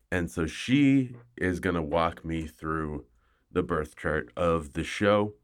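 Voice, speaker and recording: A man with a very low, deep voice hosts his podcast from home in casual chat. He rambles and jokes at his own expense, a little tipsy. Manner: rambling, joking, self-mocking. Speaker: podcast host. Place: home, hot room without air conditioning.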